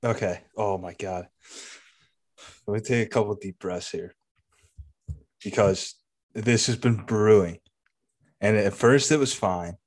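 Low-voiced man on a profane podcast rant. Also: unhurried, long pauses, a little mellow. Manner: profane, rambling storytelling with many fillers. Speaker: podcast co-host.

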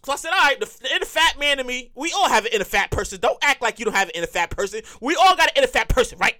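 A man hosting a podcast as a comedic monologue, animated and prone to repeating words and laughing at his own stories. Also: extremely high pitch, very fast. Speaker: podcast host.

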